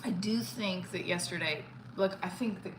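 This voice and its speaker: A woman's voice: on the low side, moderate pace, background noise. A middle-aged woman chatting casually on a live stream while she exercises, out of breath, thanking viewers for their comments. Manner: chatty, reads and thanks chat comments mid-workout. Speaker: livestream host. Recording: roomy echo with faint ambience.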